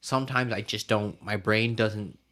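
A man's voice: lowish voice, moderate pace, bright, forceful tone. A young man co-hosting a podcast, chatting loosely with lots of fillers, restarts and swearing. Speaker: podcast co-host. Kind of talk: casual chat.

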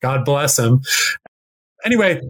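A man telling a long music anecdote in casual chat, acting out quotes with lively restarts. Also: medium pitch, unhurried. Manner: animated, acts out quotes with rambling restarts. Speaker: guest music expert. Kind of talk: casual storytelling.

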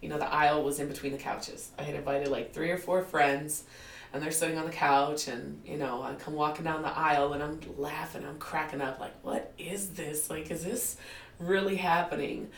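In a candid interview, a guest in her forties tells her life story in a low voice at a moderate pace, laughing often and acting out what people said. She's an animated storyteller, picked up by a distant mic in a roomy space with faint ambience.

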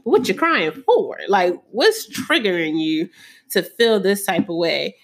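A woman voicing her therapist as the therapist softly asks why she keeps crying. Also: medium pitch, sing-song, slow, full character voice. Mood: gently probing. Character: caring female therapist gently questioning a client.

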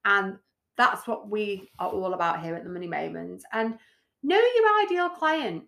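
A woman co-hosting a business podcast in casual chat, blunt and animated, swearing freely. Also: mid-range voice, normal speed, gravelly. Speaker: podcast co-host, brand builder.

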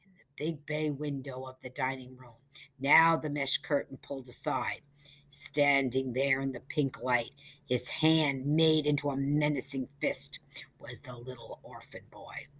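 A woman narrating a short story with dramatic, expressive delivery. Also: a bass voice, a little slow, husky. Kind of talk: reading a short story aloud.

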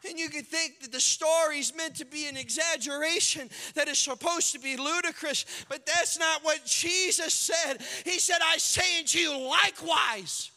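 A man's voice: very high-pitched, steady tone, moderate pace, few pauses, bright, forceful tone, long reverb tail. A man preaching a sermon as pastor, telling a parable with dramatic storytelling and acted-out voices.

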